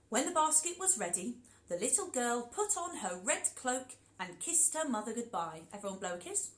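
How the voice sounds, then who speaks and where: A woman leads an interactive storytelling session for children, animated and encouraging. Her voice sits fairly high and swings widely in pitch. She keeps turning to speak directly to the children. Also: moderate pace, poor audio. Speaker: storyteller and workshop leader.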